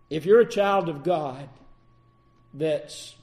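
High, mellow-voiced preacher. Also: male voice. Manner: dramatic, swings between loud and hushed. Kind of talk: sermon.

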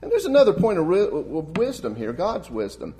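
A man preaching a sermon, earnest and warm in delivery, building to emphatic peaks and then dropping soft and low. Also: wildly swooping pitch, fairly quick.

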